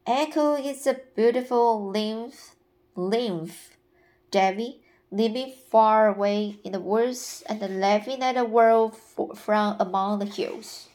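A woman reading aloud, voicing a patient, imaginative young woman who talks in a gentle, storytelling way. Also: on the high side, slow pace.

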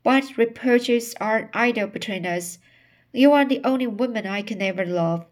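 A woman's voice: a little high, moderate pace, close to an everyday voice. A stiff bitter young suitor, read by a woman. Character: young man, a proud rejected suitor.

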